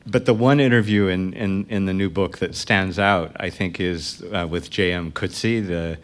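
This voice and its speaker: A man interviewing a guest in conversation, with measured, gently prompting questions. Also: sits low, fairly even intonation.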